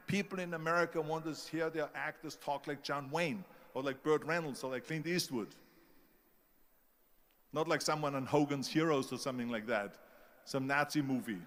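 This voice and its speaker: A man's voice: a little high, a bit bright. German-accented older man, big hall echo. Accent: Austrian German. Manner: storytelling, acts out quoted doubters. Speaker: motivational speaker. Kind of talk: motivational speech. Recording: long hall reverb.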